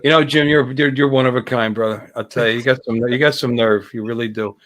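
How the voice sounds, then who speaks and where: A man's voice: medium pitch, steady tone, quick pace, a bit bright. A man hosting a casual chat show, teasing his co-host with dry asides.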